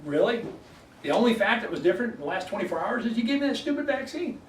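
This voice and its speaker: A man's voice: sits high, big pitch swings, fast talker. A man, a chiropractor giving a folksy health workshop to a live audience and often checking in with "okay?". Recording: echoey room, voice from far off, faint background noise.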